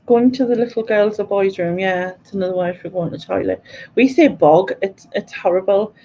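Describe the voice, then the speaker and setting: Woman, Mackem accent, quiz host, husky, chatty, informal slang, muffled stream audio. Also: medium pitch, fairly quick, dark tone. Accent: Sunderland (Mackem) English. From North East England. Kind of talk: casual live-stream chat.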